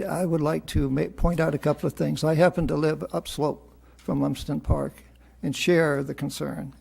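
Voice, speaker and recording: Gravelly, husky man addressing a council. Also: a little high, a little mellow. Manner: measured, formal. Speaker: resident giving public comment. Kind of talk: formal public comment. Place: council chamber.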